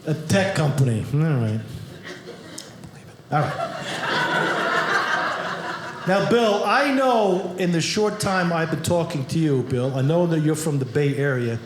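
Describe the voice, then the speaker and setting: A brash, high-pitched male comedian with a New York accent works the crowd, teasing people and firing questions at them. His voice rings through a roomy club, and a lively audience is heard behind him. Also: normal speed, hardly any pauses. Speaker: stand-up comedian. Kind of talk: stand-up comedy with crowd work. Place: comedy club stage before a live audience. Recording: echoey room with loud audience noise.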